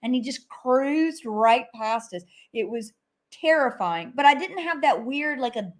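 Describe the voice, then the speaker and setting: A woman's voice: high voice, expressive, a little slow. A woman co-hosting a paranormal live stream, recounting an encounter vividly and repeating herself for emphasis. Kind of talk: casual live-stream chat.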